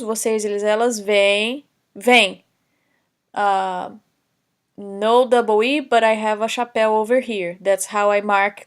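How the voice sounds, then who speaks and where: Woman, young adult, language teacher, recorded lesson, patient explanations, frequent fillers, mid pitch. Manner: explains slowly, switching between English and Portuguese examples, with many fillers. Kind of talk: recorded online lesson lecture.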